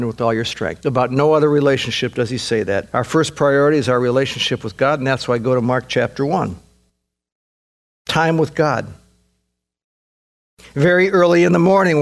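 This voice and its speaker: A man preaching a sermon in an earnest, emphatic way, often repeating himself. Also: a little high. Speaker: pastor.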